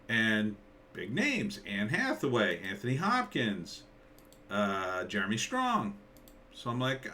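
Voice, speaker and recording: A man in his forties from New Jersey rambles through a casual, sardonic trailer reaction in an unhurried, sing-song voice that sounds pushed and bright. He jumps into mock-surprised high quotes, and there's a little hiss or hum on the recording.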